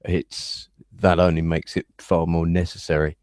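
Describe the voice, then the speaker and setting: A man with an English accent in a casual podcast chat, speaking in a measured, hesitant way with frequent ums. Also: deep voice, little pitch movement, darkish tone, clean tone, no echo, clean studio sound. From England. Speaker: podcast host.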